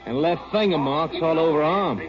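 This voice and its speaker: An actor playing a firm, protective rancher husband who talks in a plain rural way, in 1940s radio acting style. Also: male voice, a little high, fairly quick, close to an everyday voice. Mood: stern. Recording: dull old radio broadcast with music.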